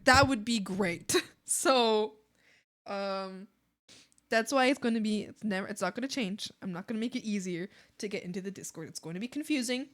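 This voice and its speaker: A woman's voice: mid-range voice, normal speed, fairly bright tone. A young adult woman streamer chatting casually with her viewers, rambling with many fillers and frequent giggles. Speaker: art streamer.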